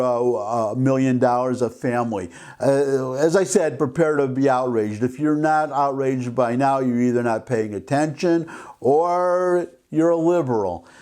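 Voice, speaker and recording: An older man hosting an opinion vlog, reading a news article aloud and commenting on it indignantly, with halting restarts. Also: mid-range voice, darkish tone. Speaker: vlog host.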